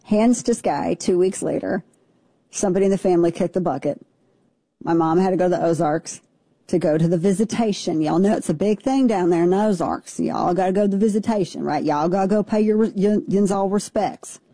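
A woman's voice: fairly low pitch, brisk, warm tone, no room sound. A woman in her forties, co-hosting a casual on-air chat, telling stories with self-mocking asides. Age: 40s. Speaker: radio show co-host.

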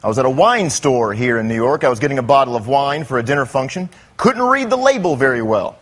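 A man's voice: medium pitch, very animated, fast. A male stand-up comedian with a dry, sarcastic delivery. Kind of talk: stand-up set.

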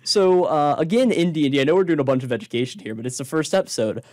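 A man's voice: fairly high pitch, lively intonation, quick pace, a little mellow, dry recording, studio quality. A man running a tabletop game as game master, explaining rules and narrating in a rambling way full of fillers.

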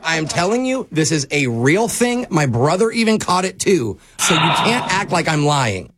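Male radio prank caller, high lively voice, dips into fake French, studio laughter behind. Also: moderate pace. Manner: slips in and out of a mock French accent.

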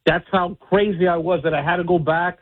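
A man calling in to a radio show, telling a story with animated acted-out voices. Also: sits high, fairly quick. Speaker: caller. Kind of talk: call-in storytelling. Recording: tinny phone line.

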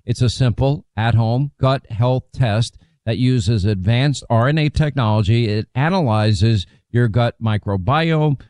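A man reading a radio advertisement in a smooth, persuasive way. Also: medium pitch, measured pace, hardly any pauses, a little mellow, no room sound, studio quality. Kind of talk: read advertisement.

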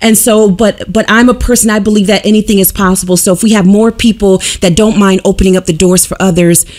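A woman's voice: medium pitch, fairly even intonation, fast talker, a little mellow. A woman guesting on a radio morning show, a motivational speaker telling emphatic, emotional stories in casual talk from the studio.

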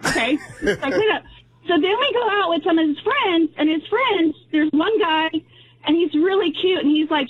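A woman's voice: very high-pitched, expressive, normal speed, a little hiss or hum. A woman in her forties calling in by phone, telling a story in a chatty, laughing way. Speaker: caller. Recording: tinny phone line.

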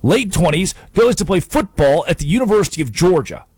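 Male sports talk host, fairly high voice with big swings, sarcastic punch, dry studio sound. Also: brisk, husky, dry recording. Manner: emphatic, animated, sarcastic. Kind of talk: sports talk radio monologue.

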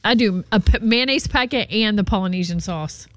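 A woman co-hosting a casual podcast chat, leading the talk and filling gaps with "like" and "um". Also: medium pitch. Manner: chatty, leads the list, drawn-out filler words. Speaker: podcast co-host.

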